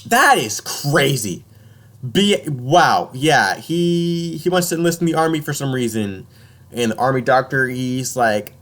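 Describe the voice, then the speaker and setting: A man's voice: mid-range voice, measured pace. A young man casually recapping a film on a podcast, joking and slipping into silly character voices. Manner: animated, jokey, slips into silly voices for characters.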